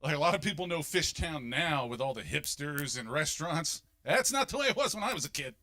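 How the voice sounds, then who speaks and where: A fifty-something man works a stand-up set, his voice swinging widely up and down. His tone is bright and forceful, and he leaps into loud, overblown voices to sell the jokes. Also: a little high, brisk. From Philadelphia, United States. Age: 50s. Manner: animated, jumps into loud exaggerated voices for punchlines. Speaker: stand-up comedian.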